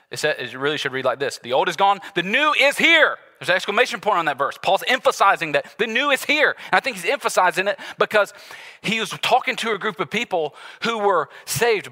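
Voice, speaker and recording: A man preaching a sermon, walking the congregation through a passage in an animated, conversational way with sudden loud bursts. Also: a little high. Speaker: pastor. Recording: long hall reverb.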